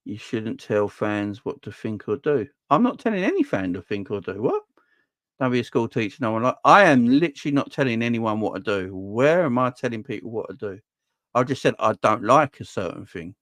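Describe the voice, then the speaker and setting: Fan-channel host, casual comment-reading chat, dry close sound, voice leaps up when riled. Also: male voice, fairly quick, no echo. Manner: animated, voice jumps high when ranting.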